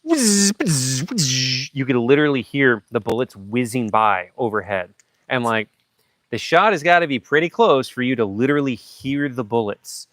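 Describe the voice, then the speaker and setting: A man hosting a livestream, telling a story casually and acting out sound effects and shouted lines. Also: medium pitch, moderate pace, no room sound, clean studio sound. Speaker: livestream host.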